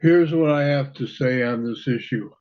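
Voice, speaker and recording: A man making deadpan, deliberate quips on a video call. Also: mid-range voice. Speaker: participant in a Zoom class. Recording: dull video-call audio.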